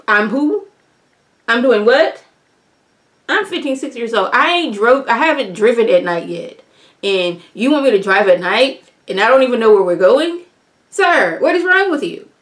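A woman vlogger with a fairly high voice gives her review of a reality show episode. She speaks in a sassy, exasperated way and talks directly to her viewers, as in a relaxed chat. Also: moderate pace. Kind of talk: casual review vlog.

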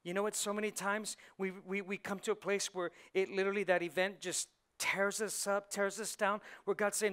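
A man preaching a sermon as pastor, animated, asking the congregation questions and acting out the voices in people's heads. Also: high voice, moderate pace, hardly any pauses, clean tone. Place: church sanctuary.

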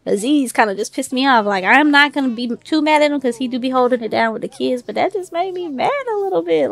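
Sassy gravelly-voiced woman game commentator. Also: high-pitched, animated, fast talker, few pauses. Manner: sassy, talks back to the game characters; swears casually, informal slang. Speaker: let's play creator. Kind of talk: casual gameplay commentary.

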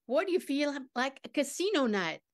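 A woman's voice: sits high, heavily acted. A woman improvising a flashy, shameless schemer who talks in a breezy, smug way on stage. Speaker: improv performer. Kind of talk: live improv comedy scene. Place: theater stage.

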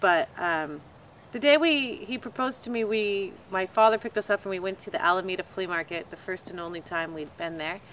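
Woman, mid pitch, animated storyteller, faint background hiss. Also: a little fast. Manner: animated, lively retelling. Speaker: bride telling proposal story. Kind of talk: casual storytelling.

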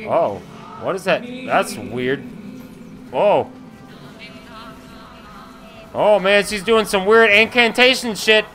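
Excitable young man yelling at a game. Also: high-pitched, slow, pauses often, soft background music. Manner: excitable, yelling and swearing at enemies. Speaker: gamer playing a shooter. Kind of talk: let's play commentary.

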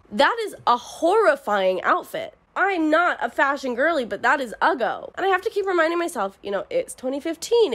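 A woman in her twenties ranting about a book in a casual, sarcastic, profane and animated way. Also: on the high side. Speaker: book reviewer. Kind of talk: casual book review rant.

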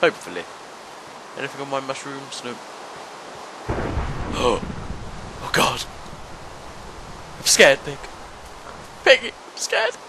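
Animated young man playing a game. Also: mid-range voice, takes it slowly, pauses often, slight background noise, low-quality recording. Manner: talks to monsters, yelps and shouts when hit. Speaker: gaming channel host. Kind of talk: let's play commentary.

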